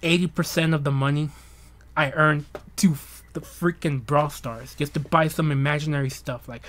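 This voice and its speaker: Young man, slightly high voice, livestream host, casual rambling chat, jokey, laughs a lot. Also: fairly even intonation, fairly bright tone. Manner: rambling, joking, laughs often, drawn-out bits.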